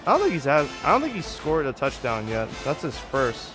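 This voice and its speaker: A man casually commentating his own football video game run, offhand and swearing, with sudden excited outbursts. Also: medium pitch, a little fast, over music. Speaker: gaming channel host. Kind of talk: casual let's-play commentary.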